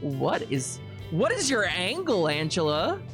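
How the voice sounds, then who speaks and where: A woman's voice: lowish voice, wildly swooping pitch, measured pace, music in the background. Young woman reading a story game aloud. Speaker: streamer. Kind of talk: reading a visual novel aloud with commentary.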